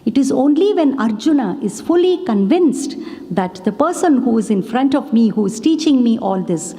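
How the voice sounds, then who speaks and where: A woman's voice: fairly high pitch, lively intonation, normal speed, mellow. A woman giving a devotional talk, telling stories in a conversational way, often asking her listeners rhetorical questions. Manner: conversational, with rhetorical questions and frequent "you know". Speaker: speaker at a devotional gathering. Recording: long hall reverb.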